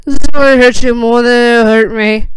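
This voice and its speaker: A woman voicing a stern, protective male potions professor while reading fan fiction aloud, slowly and evenly. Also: a little high, clear, resonant tone, dry recording, lightly acted, low-quality recording. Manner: slow, even reading.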